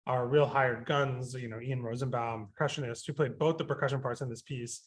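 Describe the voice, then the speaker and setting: This male composer, medium-pitched and brisk, rambles in a radio interview, stumbling through fillers and restarts and turning animated when he quotes himself.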